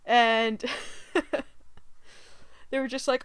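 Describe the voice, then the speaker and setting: Giggly, high, smooth-voiced woman vlogger. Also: level tone, a little slow, long pauses, no echo. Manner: giggly, rambling, many fillers. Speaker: gaming channel host. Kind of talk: casual storytime vlog.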